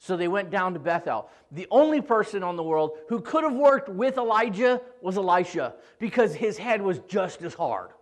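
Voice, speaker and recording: Pastor guy with a high voice, chatty and jokey while he preaches. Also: moderate pace, few pauses. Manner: animated, joking storyteller. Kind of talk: sermon.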